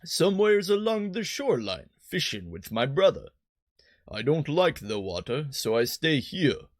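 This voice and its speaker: A man doing a slow, folksy little innkeeper girl. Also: on the high side, very animated, no echo, clean studio sound, pitched above the performer's own voice. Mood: childlike. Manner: slow, drawling folksy grammar.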